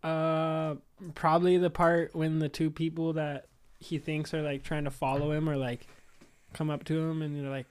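A man's voice: on the high side, level tone, normal speed, a little mellow, smooth. A young man in casual podcast chat, laid-back and rambling with many fillers.

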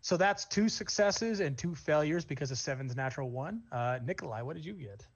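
Guy running a tabletop game, kinda high voice, dull lo-fi sound, lots of ums. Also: fairly quick, very noisy. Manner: relaxed descriptive narration with fillers. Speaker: game master.

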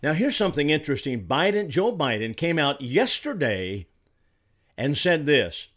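A man's voice: on the high side, very animated, normal speed, fairly bright tone. Indignant older man, emphatic commentary. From Arizona. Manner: indignant, emphatic, repeats words when heated. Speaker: political commentator. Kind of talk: solo commentary monologue.

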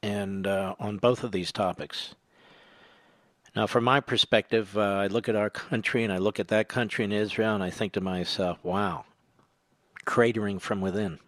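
A man's voice: lowish voice, fairly even intonation, normal speed, dry recording. Combative older male talk radio host. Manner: combative, sarcastic, builds to emphatic peaks. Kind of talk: political talk radio monologue. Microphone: studio microphone.

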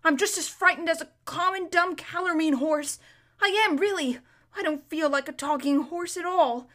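A woman voicing a proud, anxious male talking warhorse in a storybook reading, gruff and fretful, dropping into urgent hushes. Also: extremely high pitch, moderate pace, voice pushed up. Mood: ashamed.

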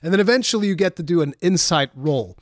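A man's voice: sits high, expressive, fast, no echo, studio quality. A man in casual gaming chat on a podcast, telling stories animatedly and swearing freely. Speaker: podcast co-host or guest.

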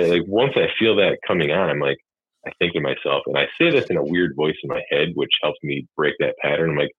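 Super deep husky guy rambling openly about being a dad, sounds like a phone line. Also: fairly quick, a bit bright, no room sound. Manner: candid, rambling, swears freely. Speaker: podcast guest talking about fatherhood. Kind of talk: casual chat.

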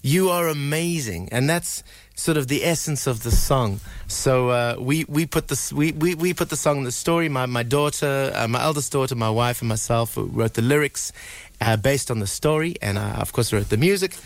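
A man's voice: medium pitch, normal speed. Earnest middle-aged male storyteller. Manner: earnest, animated storyteller with many fillers and repeats. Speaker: musician guest. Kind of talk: live radio storytelling.

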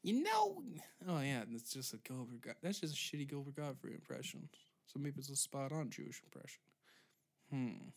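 A man's voice: medium pitch, fairly even intonation, fairly quick. A man in his twenties hosting a solo comedy podcast, ranting sarcastically and swearing often. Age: 20s. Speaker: podcast host.

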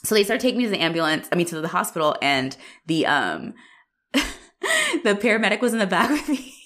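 A woman co-hosting a podcast, telling a story in casual chat, animated, laughing often and acting out what people said. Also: medium pitch, a little fast. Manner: animated, laughs often, acts out quotes, swears freely. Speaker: podcast co-host.

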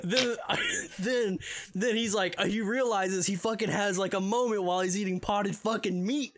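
Young male podcast co-host, high voice, loose and profane, tells a story in a rambling way. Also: moderate pace, a little hiss or hum. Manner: rambling, swears a lot, laughs mid-sentence. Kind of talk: casual profane movie recap.

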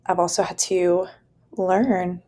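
A woman's voice: lowish voice, flat delivery, takes it slowly, dark tone. A young woman hosting a solo podcast, talking in an earnest, rambling way with lots of "like" and "you know". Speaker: podcast host. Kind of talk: casual solo podcast monologue.

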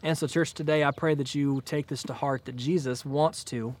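A man preaching a sermon to a church congregation, retelling scripture in a relaxed, conversational way. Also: a little high, moderate pace. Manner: conversational, paraphrases scripture in casual speech. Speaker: pastor.

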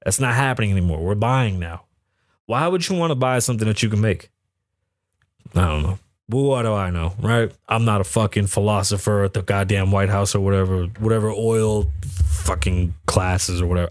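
A podcast host with a lowish voice chats at normal speed, swearing a lot, rambling off on tangents and laughing at odd news stories. The recording is dry and of studio quality.

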